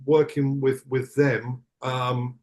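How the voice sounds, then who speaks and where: A man's voice: medium pitch, little pitch movement, slow, a little mellow. A middle-aged man, a tour manager guest on a podcast, chatting casually in a reflective, rambling way with many restarts. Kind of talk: casual chat.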